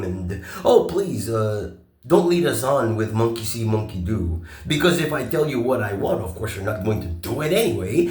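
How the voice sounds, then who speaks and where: A man talking in a long, rambling monologue. He swears a lot, turns sarcastic, and stops often on filler pauses. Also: medium pitch, darkish tone, echoey room. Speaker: vlogger.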